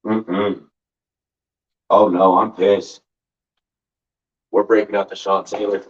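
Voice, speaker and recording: A man's voice: on the low side, flat delivery, takes it slowly, husky. A man hosting a fantasy football show in loose, rambling talk, full of repeated words and "like", with some swearing. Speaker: fantasy football podcast host. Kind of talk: casual sports talk. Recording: dull lo-fi sound.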